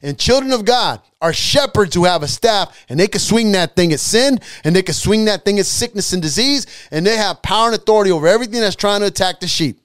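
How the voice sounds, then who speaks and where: A man preaching a podcast sermon, emphatic and repetitive, building to forceful declarations. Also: sits high, animated, fast, few pauses, clean tone, no room sound.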